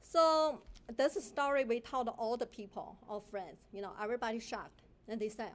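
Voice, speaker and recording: A middle-aged woman from China with a Chinese accent, giving an indignant public comment at a city council meeting in halting, broken English. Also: sits high, expressive. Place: council chamber.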